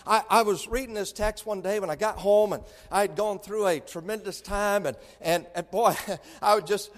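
A man's voice: sits high, normal speed, in a large hall. A man preaching a sermon, telling folksy stories with stammered restarts.

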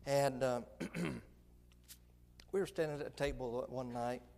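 A middle-aged man preaching, telling a lively story with comic put-on voices. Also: medium pitch, measured pace, big-room sound. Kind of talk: sermon story.

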